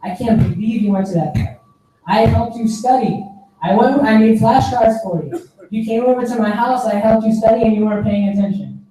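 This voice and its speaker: A man's voice: high-pitched, fairly quick, dark tone, pitched above the performer's own voice, close to an everyday voice. A man doing a scolding teenage friend. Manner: scolding, exasperated. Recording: echoey hall, distant mic.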